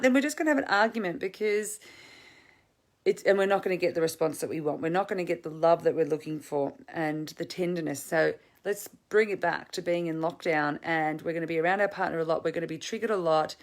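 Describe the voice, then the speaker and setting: A woman coach talks straight to the listener about relationships, patient and earnest. Her voice sits a little low, and she speaks in a loose, thinking-aloud way, full of restarts and filler words. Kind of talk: direct-to-camera advice talk.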